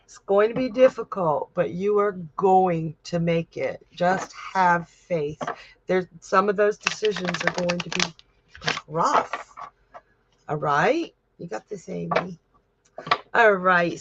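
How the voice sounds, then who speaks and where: A woman working as a psychic medium who gives tarot readings on a livestream and reads viewer comments aloud in a gentle, comforting way. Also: lowish voice, takes it slowly, highs cut off, background noise.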